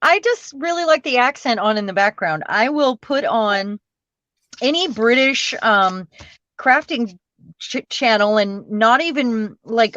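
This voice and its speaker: A woman co-hosting a crafting livestream, chatting in a relaxed way and laughing often, heard over a video call. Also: medium pitch, no echo, highs cut off.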